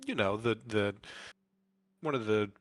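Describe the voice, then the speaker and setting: Brief: man, lowish voice, laid-back and hedging, dry mic. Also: a little slow, no echo. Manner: relaxed, hedging advice-giving. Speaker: podcast co-host. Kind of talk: casual chat.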